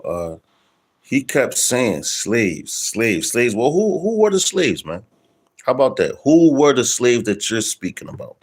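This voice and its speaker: A man giving casual religious commentary, tacking "man" onto his sentences. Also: low voice. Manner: casual, keeps adding "man".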